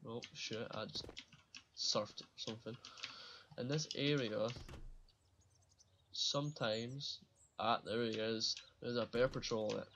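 A man's voice: mid-range voice, fairly even intonation, slow pace, pauses often, a bit bright, muffled recording, slight background noise. Rambling, swearing gamer guy. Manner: rambling, swears a lot, laughs at himself. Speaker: gaming channel host. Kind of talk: casual gameplay commentary.

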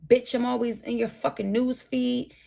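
A slightly high, mellow, gravelly female voice holds a level tone at an ordinary pace. She's exhausted and burnt out, cursing and combative as she addresses her chat directly during a late-night stream.

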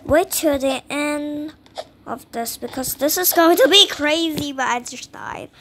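A gamer tackling a horror escape game talks in an unhurried, high-pitched, slightly bright voice, her casual commentary nervous and dramatic, alternating between hushed whispers and squeals. There's slight background noise.

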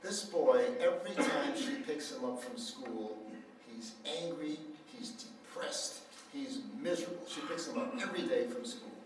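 A man gives a sermon at a healing center, animated and storytelling, slipping into the voices of the people in his story. His voice sits a bit high for a man. The mic is far off in a very echoey hall with a faint hiss underneath. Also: normal speed. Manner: animated storyteller, acts out quoted dialogue. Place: church hall.

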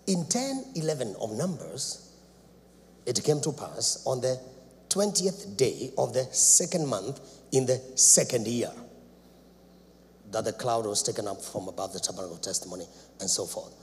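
A man preaching a sermon in a church, dramatic, swinging between loud shouts and low asides. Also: big pitch swings, normal speed. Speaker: apostle preaching. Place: church sanctuary. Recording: reverberant church hall, faint background noise.

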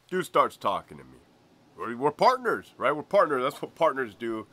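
Lively, laughing former prison-guard storyteller man. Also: medium pitch, a little slow. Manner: slangy and profane, laughs often. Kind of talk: casual storytelling.

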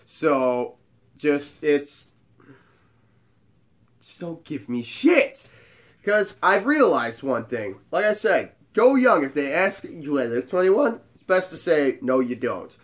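A man's voice: on the high side, big pitch swings, slow. A man in his twenties, a bartender telling a story in a casual way and acting out the dialogue. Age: 20s.

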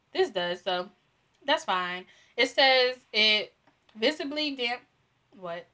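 A woman's voice: on the high side, bright, forceful tone. Chatty, giggly young woman unboxing products. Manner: chatty, giggly, lots of fillers. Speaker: beauty vlogger. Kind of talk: casual product unboxing review.

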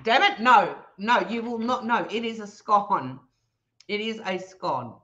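An Australian woman hosting a casual live stream, reading viewer comments aloud in a playful, teasing and animated way. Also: mid-range voice, measured pace, lo-fi sound. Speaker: livestream host reading chat.

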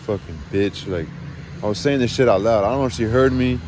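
A man's voice: fairly low pitch, a little fast, noisy background. A man in a rambling, profane monologue, venting agitatedly about family and work. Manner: rambling, frequent swearing, agitated. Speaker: vlogger.

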